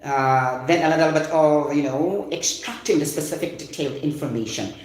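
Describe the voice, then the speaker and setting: A middle-aged man with a Filipino accent, giving an informal science lecture online. He talks in an animated, chatty way and keeps saying "you know" and "okay". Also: fairly high pitch, moderate pace. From Philippines. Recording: very echoey room.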